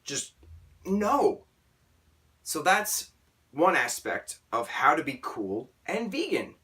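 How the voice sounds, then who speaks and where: A man talking casually in an opinion vlog, emphatic and animated, often checking in with "right?". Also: fairly high pitch, takes it slowly. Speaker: vlogger. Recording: voice a bit distant from the mic.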